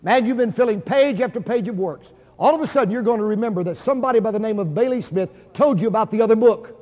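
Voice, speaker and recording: Man, preacher, sermon, dramatic storytelling, muffled old recording. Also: sits high. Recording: dull sound, hall reverb.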